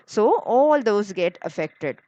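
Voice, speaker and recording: A woman teacher explains a school reader story step by step. Her manner is patient, and she slips in Hindi filler words. The voice sits at a middle pitch and is recorded dry. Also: big pitch swings, slow, mellow, no room sound, highs cut off.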